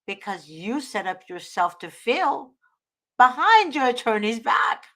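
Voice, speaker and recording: A woman's voice: fairly high pitch, big pitch swings, measured pace, a bit bright. A woman hosting a talk show, giving earnest, preachy advice and often invoking God. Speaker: host.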